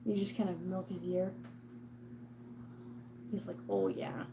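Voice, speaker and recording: Creaky-voiced woman chatting about her cat. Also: on the low side, little pitch movement, unhurried, background noise. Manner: chatty, rambling, full of "like" and "um"; slips into cooing baby talk to her cat. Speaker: cat owner vlogger. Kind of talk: casual chat to camera.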